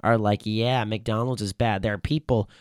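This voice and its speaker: A man's voice: on the low side, steady tone, normal speed, darkish tone, dry recording, studio quality. A man hosting a casual chat, rambling and joking as he tells stories. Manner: rambling, joking, does voices.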